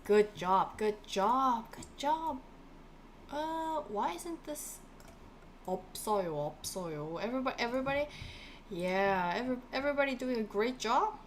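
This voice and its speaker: Woman, language teacher on a live stream, lively drill repetition, faint background hiss. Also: a little high, normal speed. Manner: animated, repeats words for drill, chats with viewers.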